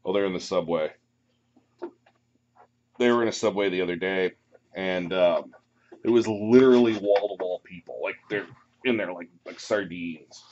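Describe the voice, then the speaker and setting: A man running a tabletop game as dungeon master, relaxed and rambling with many pauses and ums. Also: sits low, a little hiss or hum. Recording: muffled lo-fi recording.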